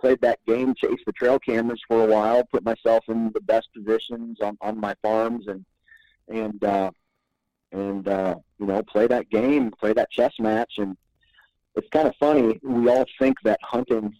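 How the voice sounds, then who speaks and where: Laid-back low-voiced man telling hunting stories. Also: fairly even intonation, normal speed, mellow, dry recording, highs cut off. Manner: laid-back, rambling, chuckles often. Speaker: podcast guest. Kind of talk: casual podcast storytelling.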